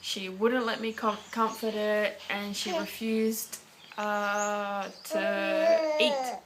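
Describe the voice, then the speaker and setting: A woman's voice: mid-range voice, takes it slowly, slight background noise. An Australian woman chatting casually to camera as a parenting vlogger, rambling along with lots of fillers.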